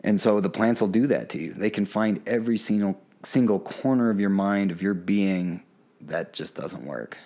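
A man's voice: on the low side, moderate pace, dark tone. A man as a podcast guest, telling a personal story in a candid, earnest way and acting out the voices of people he quotes. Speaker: podcast guest, plant medicine guide. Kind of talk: casual storytelling in an interview.

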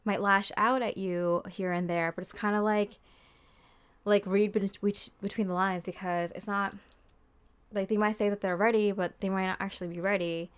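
A woman's voice: mid-range voice, fairly even intonation, moderate pace, smooth. A young woman giving a casual tarot reading, chatty and full of fillers, often acting out what people might say. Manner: chatty, lots of fillers and quoted voices. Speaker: tarot reader.

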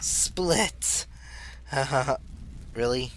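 A man doing let's play commentary, talking to himself as he plays and bursting into excited squeals. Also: medium pitch, slow, pauses often, music in the background. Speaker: gaming channel host.

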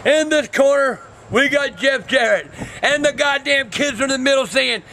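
An actor playing a hot-tempered, foul-mouthed grandpa in a comedy web series, ranting and yelling insults in a gravelly voice. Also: male voice, normal speed, a little hiss or hum, heavily acted. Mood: mocking. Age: over 60. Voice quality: gravelly, high-pitched, shouty. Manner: cursing constantly, yelling insults.

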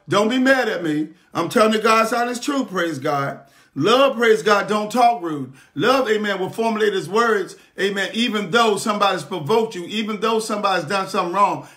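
A man preaching a sermon from the pulpit, calling for response and repeating praise God, sometimes rising to a shout. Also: sits high. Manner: rises to shouting at times. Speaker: pastor. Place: church pulpit streamed online.

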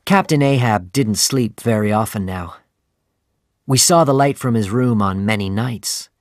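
A man reading a story aloud in slow, clear, deliberate narration for language learners. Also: lowish voice, no echo, clean studio sound.

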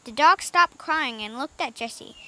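A woman reading a children's book aloud in an expressive, lively way, with small slips now and then. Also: sits high, normal speed. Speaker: audiobook reader.

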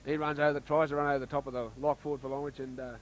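An Australian man giving casual, chatty commentary on a local rugby league match, getting excited when play heats up. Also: fairly high pitch, rapid-fire, slight background noise, poor audio.

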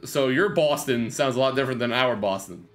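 A man's voice: mid-range voice, brisk, faint music behind. A young man streaming, chatting casually with jokes and swearing. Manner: joking, swearing, animated banter. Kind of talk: casual livestream chat.

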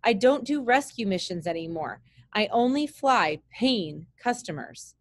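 A woman reading a gruff bush pilot man. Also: mid-range voice, animated, unhurried. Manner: curt, grudging replies.

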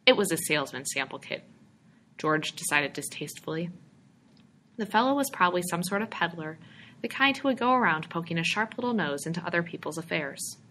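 A woman giving a steady audiobook narration of a short story. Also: fairly low pitch, a little fast, a little hiss or hum. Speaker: reader.

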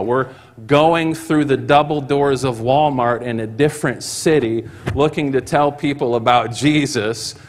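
A man preaching a sermon in church, telling a story and acting out the voices of the people in it with rising excitement. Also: mid-range voice. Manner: acts out quoted voices, rising to excited shouts. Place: church hall. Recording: long hall reverb.

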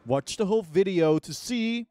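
A Dutch-speaking man putting on a bombastic male mukbang host who shouts his food hauls like a trailer announcer. He pitches up high and punches every line loud and unhurried. Game music plays clearly underneath. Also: animated. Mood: hyped. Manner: loud, over-the-top announcer delivery. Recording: game music playing behind.

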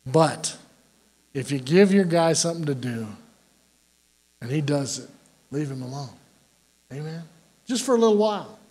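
A man's voice: fairly high pitch, expressive, normal speed, pauses often, darkish tone. An older man preaching a sermon as pastor, folksy and joking, often asking the congregation "Amen?".

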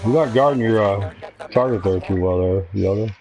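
A man from Norway on a gaming live stream, calmly calling out targets and chuckling often. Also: lowish voice, moderate pace, over music. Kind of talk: casual gaming callouts.

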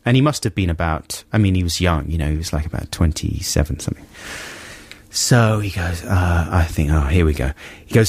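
Guy on the radio telling a story, lively ups and downs, dry close studio sound. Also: low-pitched, fairly quick, husky, no echo. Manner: animated, exasperated anecdote telling with many asides. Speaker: radio show co-host. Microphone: studio microphone.

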